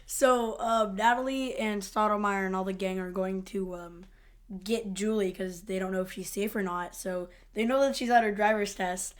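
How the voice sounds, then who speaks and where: A woman's voice: medium pitch, steady tone, normal speed. A young woman co-hosting a podcast, retelling TV scenes casually and laughing a lot. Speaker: podcast co-host.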